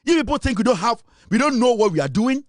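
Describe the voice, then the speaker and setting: A man's voice: extremely high pitch, sing-song, fast talker, no echo, studio quality. A Ghanaian man hosting a political talk show, delivering a boastful, taunting monologue that mixes English and Twi.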